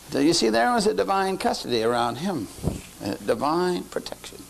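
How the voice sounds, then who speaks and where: A man's voice: a little high, very animated, moderate pace, vocal fry, a little hiss or hum. An older man teaching a lecture-style sermon, folksy, often quizzing his listeners with questions. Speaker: lay teacher.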